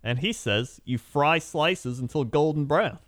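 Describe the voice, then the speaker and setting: A man's voice: on the high side, animated, a little slow, fairly bright tone, no room sound, clean studio sound. A man co-hosting a casual podcast chat, rambling through stories with lots of "like" and frequent laughter. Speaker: podcast co-host.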